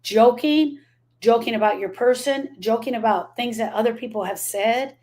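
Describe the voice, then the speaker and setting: A woman's voice: a little high, moderate pace, darkish tone. A middle-aged woman hosting a live stream as a grief coach, speaking emphatically, repeating her key phrases and answering viewer comments.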